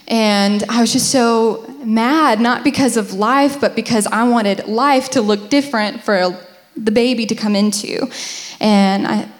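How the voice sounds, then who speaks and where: A woman's voice: a little high, moderate pace, long reverb tail. A young woman sharing her side of a faith testimony, candid and humorous, telling it like a story. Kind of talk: personal testimony talk.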